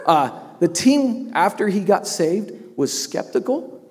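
A man's voice: sits high, very animated, slow, darkish tone, big-room sound. A man telling an emotional personal testimony about his workplace, laughing often and tearing up at moments. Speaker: business owner sharing a testimony.

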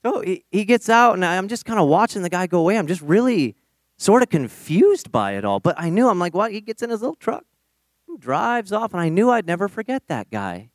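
Animated man telling a personal story. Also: sits high, brisk, no room sound, studio quality. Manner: animated, self-deprecating storytelling. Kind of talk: personal testimony told on stage.

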